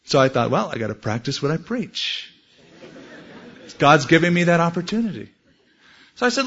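An earnest male pastor delivers a sermon, with a voice that sits a touch higher than most men's. He moves from personal anecdote into quoted scripture and prayer. The recording sounds dull and lo-fi. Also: sing-song, normal speed, pauses often, a bit bright, husky.

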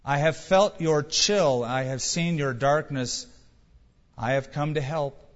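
A man voicing a calm male stranger who brings fire, speaking gently and invitingly, in a reverberant hall. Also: a little high. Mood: reassuring. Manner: gentle, inviting, slow storytelling. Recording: reverberant hall, dull sound.

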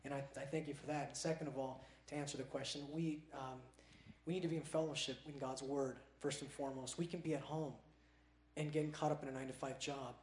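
Man, touring musician, rapid speech, echoey room with faint hum. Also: medium pitch, fairly even intonation, a little mellow. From Southern California. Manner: eager, laid-back. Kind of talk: casual on-stage interview.

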